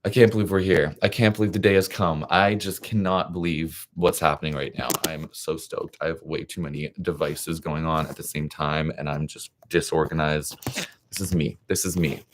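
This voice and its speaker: A young man hosting a live reaction stream, chatty and excitable, giving frank opinions in a scattered, casual way. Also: very deep voice, normal speed, a little hiss or hum. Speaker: livestream reaction host.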